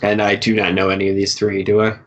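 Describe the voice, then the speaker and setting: A man's voice: lowish voice, monotone. Stammering man playing a tabletop game. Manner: halting, stammering, self-mocking. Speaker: player.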